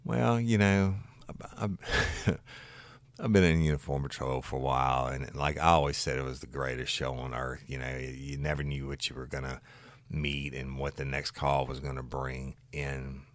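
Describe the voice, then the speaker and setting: A former deputy tells a story from his patrol days, blunt and animated, swearing freely. His voice is extremely deep and low. The recording is close and dry. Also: normal speed, no echo. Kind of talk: casual true-crime storytelling.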